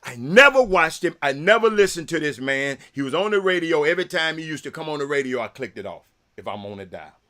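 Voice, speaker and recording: A man's voice: a little high, lively intonation, brisk, hardly any pauses, bright, forceful tone. A man, hosting a casual talk show and rambling to his viewers with lots of repeated words. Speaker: sports talk show host.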